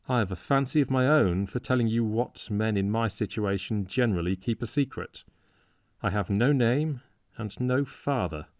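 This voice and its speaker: Man reading bitter medical student, sarcastic, harsh mocking tone, excitable, dry close sound. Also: fairly low pitch, no echo.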